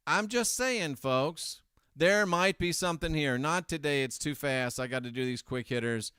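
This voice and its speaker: A man's voice: on the high side, normal speed, sharp tone, clear, resonant tone, no echo, studio quality. A man hosting a casual commentary monologue, sarcastic and rambling with self-correcting asides. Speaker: host.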